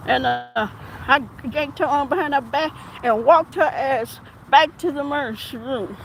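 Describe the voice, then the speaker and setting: A woman police officer telling a story while walking outdoors, animated and acting out the back-and-forth. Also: fairly high pitch, slight background noise, low-quality recording. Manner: animated, acts out quoted exchanges. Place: outdoors on an urban street.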